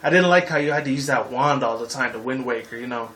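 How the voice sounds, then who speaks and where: Quick-paced and sharp-toned, this mid-range male voice belongs to a gaming video host in his twenties who rambles heatedly through a casual game review. He swears frequently and uses casual slang in his sign-off, all captured on a low-quality recording.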